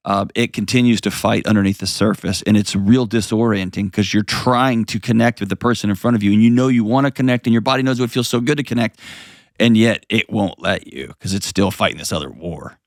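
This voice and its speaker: A man's voice: on the low side, brisk, no room sound, clean studio sound. A man hosting a call-in advice show, counseling a caller in an earnest, direct, plain-spoken way.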